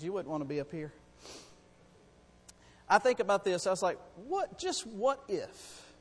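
High-voiced excitable male preacher in a church hall. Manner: excitable, swings from soft asides to loud exclaiming. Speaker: pastor. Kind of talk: sermon. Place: church sanctuary.

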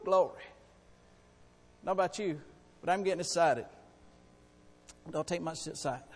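A man preaching a sermon in a church, excitable and swinging between soft asides and loud exclaiming. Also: a little high, big-room sound, a little hiss or hum. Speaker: pastor. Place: church sanctuary.

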